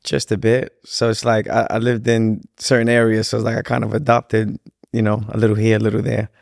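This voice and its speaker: A man with a New York accent, a bit lower than most, with a gravelly edge. He is a podcast guest and an animated storyteller who laughs often and acts out voices, recorded close and dry. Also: brisk, no echo. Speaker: guest, MMA fighter and boxing coach. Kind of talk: casual podcast interview.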